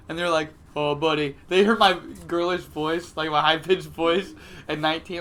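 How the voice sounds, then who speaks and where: High-voiced young podcast guy. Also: steady tone, normal speed, a bit bright. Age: 20s. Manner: laughs often, loose and profane. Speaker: podcast co-host. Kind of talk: casual chat.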